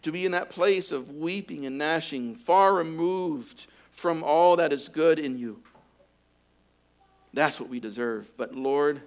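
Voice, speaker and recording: A male pastor delivering a sermon in a slow, deliberate cadence. His voice sits a little high for a man. He swells into loud, fervent exhortation and sinks to a hushed tone when he prays. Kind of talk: sermon with closing prayer.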